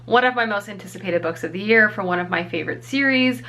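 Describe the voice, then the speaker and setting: A woman's voice: medium pitch, fast talker, fairly bright tone. A young woman vlogging at home on a handheld camera, chatting casually with lots of fillers and self-deprecating asides. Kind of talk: casual chat. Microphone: handheld vlog camera.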